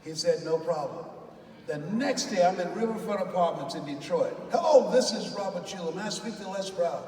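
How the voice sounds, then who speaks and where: A man's voice: high voice, moderate pace. A man giving a motivational speech to a live audience, telling stories and leading the crowd in repeating phrases. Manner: storytelling, animated, leads the crowd in repeated phrases. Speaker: motivational speaker. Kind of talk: motivational speech with call-and-response. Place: large hall with an audience. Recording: echoey hall from far off, faint noise.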